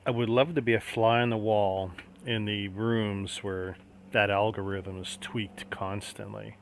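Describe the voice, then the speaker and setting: A man's voice: on the low side, fairly even intonation, a little slow. A man hosting a casual livestream, chatting and musing aloud as he builds a model kit. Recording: faint background noise.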